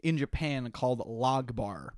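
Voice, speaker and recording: A man's voice: medium pitch, unhurried, darkish tone, no room sound, studio quality. A man co-hosting a podcast in casual chat, telling a story with animation and frequent laughter. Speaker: podcast co-host.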